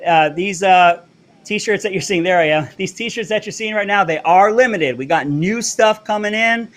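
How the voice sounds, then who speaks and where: Brash high-voiced male live-stream host. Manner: brash, fast-talking, plugging merch. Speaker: show host. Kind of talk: live political commentary stream. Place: Florida.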